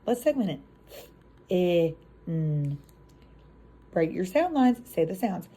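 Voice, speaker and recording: Young woman, phonics teacher, animated classroom voice, mellow and a bit breathy. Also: fairly low pitch, slow pace. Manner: casual asides to other teachers. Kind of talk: phonics lesson demonstration.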